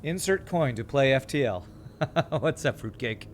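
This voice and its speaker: At a measured pace, a man from California comments on his game in an animated, medium-pitched voice, faint music playing behind him. He rambles with viewers, repeats words mid-thought, and comes across as weary after a hectic season.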